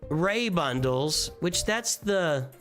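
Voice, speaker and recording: A man's voice: fairly high pitch, expressive, slow, a bit bright, faint music behind. A man casually reviewing a viewer's game roster on a live stream, rambling and easily distracted. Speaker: gaming streamer.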